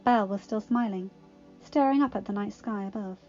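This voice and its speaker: A woman narrating a storybook aloud, expressive and steady. The sound is a little dull and lo-fi, with faint music playing underneath. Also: medium pitch, a little fast. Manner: expressive, voices the characters. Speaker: audiobook reader.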